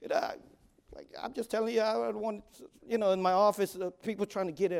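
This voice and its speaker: A man in his forties preaching as a youth pastor, swinging between loud exhortation and quiet asides, often stammering and repeating words. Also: high-pitched, steady tone, fast talker, creaky, smooth. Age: 40s. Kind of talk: sermon.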